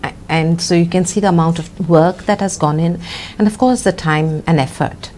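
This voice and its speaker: Low-voiced woman hosting an interview. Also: darkish tone, a little hiss or hum. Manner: encouraging, with halting restarts. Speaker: interview host. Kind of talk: interview questions.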